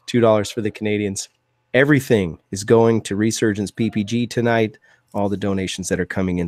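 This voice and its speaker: A man's voice: fairly low pitch, darkish tone, no echo, clean studio sound. A man hosting a live-streamed talk show, enthusiastic and chatty, thanking donors and asking guests questions with frequent fillers. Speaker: host.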